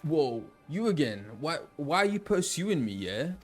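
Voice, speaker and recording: A man's voice: fairly high pitch, very animated, measured pace, soft background music, pitched above the performer's own voice. A man voicing a shifty, scheming male merchant in a London roadman accent, sneering and defiant.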